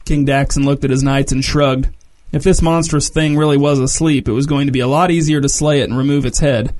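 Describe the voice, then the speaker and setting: A man reading a story aloud as narrator, measured and descriptive. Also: mid-range voice, fairly even intonation, darkish tone.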